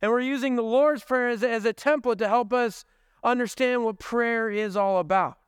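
Guy pastor giving a sermon, chatty storyteller, smooth clear voice, dry close sound. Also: very high-pitched, moderate pace, no echo. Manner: conversational, storytelling, joking asides. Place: church service.

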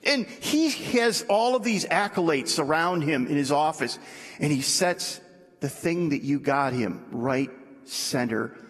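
A man preaching a sermon in a conversational way, dropping low and soft to make his points. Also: expressive, measured pace. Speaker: pastor. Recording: echoey hall.

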